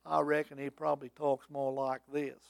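A male preacher, delivering a sermon that swings between booming lines and hushed, half-sung hymn verses. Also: little pitch movement, moderate pace, gravelly, no echo.

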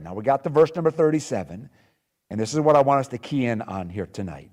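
A man's voice: mid-range voice, lively intonation, brisk, darkish tone. A middle-aged man preaching a sermon, reading scripture steadily and then talking conversationally with his congregation. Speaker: pastor. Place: church service before a live congregation.

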